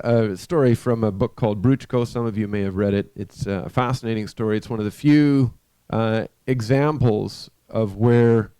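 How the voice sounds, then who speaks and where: Dark-voiced man telling a sermon story. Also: mid-range voice, clear, resonant tone, dry recording. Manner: conversational, halting with restarts. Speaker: preacher. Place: church.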